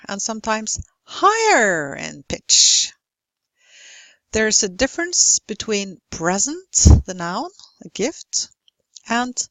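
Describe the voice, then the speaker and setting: A woman explaining pronunciation as an English teacher, speaking slowly and enunciating clearly. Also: a little high, no room sound, poor audio. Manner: slow, deliberate, clearly enunciated. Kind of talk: instructional lesson narration.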